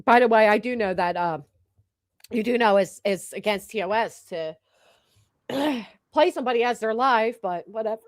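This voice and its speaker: A woman's voice: a little high, normal speed, no echo, clean studio sound. A woman hosting a stream, chatting casually in a mocking tone and laughing often. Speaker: stream host. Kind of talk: casual commentary chat.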